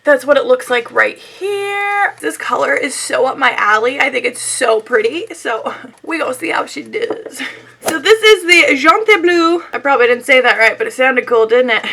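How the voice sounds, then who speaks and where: A woman's voice: sits high, animated, normal speed, gravelly, a bit bright. A young woman losing her voice, chatting casually and giggling through a beauty unboxing on her channel. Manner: chatty and giggly, rambling asides. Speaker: beauty vlogger.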